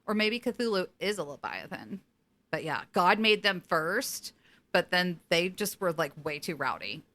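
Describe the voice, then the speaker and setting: A young adult woman co-hosting a podcast and recapping a TV episode in a casual, animated way, laughing often and swearing freely. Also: fairly low pitch, unhurried. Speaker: podcast co-host.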